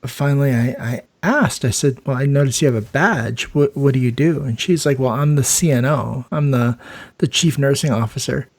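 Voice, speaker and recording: Brief: male host, easygoing storyteller, mid pitch, chatty and amused. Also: normal speed. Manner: laid-back, laughs often, acts out quoted voices. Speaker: podcast host, ER nurse. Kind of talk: casual storytelling chat.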